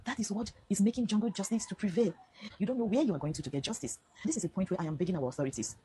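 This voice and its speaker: A woman's voice: medium pitch, mellow, husky, low-quality recording. A middle-aged Nigerian woman with a Nigerian accent, telling her story straight to camera in an impassioned, pleading way. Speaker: social media vlogger. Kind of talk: direct-to-camera personal statement.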